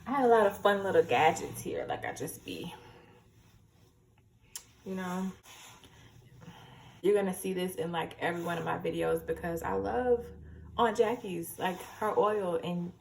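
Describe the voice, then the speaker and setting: A woman's voice: on the low side, measured pace, creaky, long pauses, darkish tone, slight background noise. A young woman chatting casually through a hair tutorial at home, nervous and a little tipsy, rambling and giggly, recorded on a camera mic. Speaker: hair vlogger.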